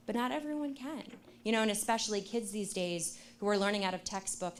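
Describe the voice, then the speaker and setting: A young adult woman gives a talk, telling a personal story in a mid-range voice. She drops in plenty of casual fillers and jumps into animated acted-out dialogue. A faint room ambience sits underneath. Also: mid-range voice, a little hiss or hum. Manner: animated, acts out quoted dialogue, many fillers like "you know" and "like". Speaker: speaker.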